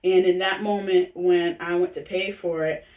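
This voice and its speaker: A woman's voice: fairly low pitch, fairly even intonation, normal speed, darkish tone. A woman giving a casual personal testimonial to recruit people into a business, chatty and full of fillers, often tagging on "right?". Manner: chatty, filler-heavy, keeps asking "right?". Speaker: direct-sales recruiter sharing her testimonial. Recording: echoey room, voice from a distance.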